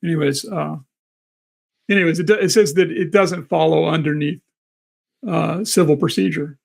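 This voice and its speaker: Gravelly, higher-voiced man, hesitant. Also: steady tone, normal speed. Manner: hesitant, reading out findings. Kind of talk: casual conversation on a call.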